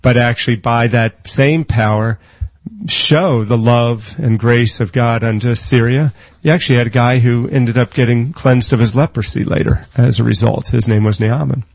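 A man preaching a sermon, telling stories with lively quoted voices and rattling off scripture quickly. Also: mid-range voice, creaky, dry recording, low-quality recording. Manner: animated storytelling, acting out quoted voices.

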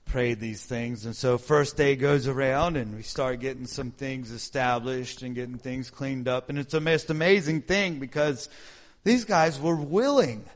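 A man sharing a personal testimony in a sermon, earnest and animated, asking the listeners call-and-response questions. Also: measured pace. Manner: drops to a low hushed voice when praying. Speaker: lay preacher sharing testimony.

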